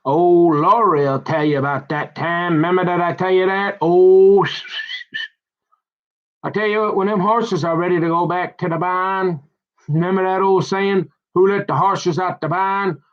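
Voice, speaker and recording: A man's voice: high-pitched, steady tone, moderate pace. Rambling folksy man, lo-fi. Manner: folksy, meandering, repeats himself. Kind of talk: rambling casual monologue. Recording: dull lo-fi sound.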